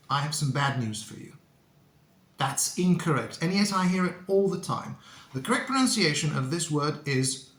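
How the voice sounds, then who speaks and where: Slow, careful male English teacher. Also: fairly high pitch, big pitch swings, a bit bright. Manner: slow, deliberate, repeats words for learners to copy. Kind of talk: pronunciation lesson to camera. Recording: echoey room.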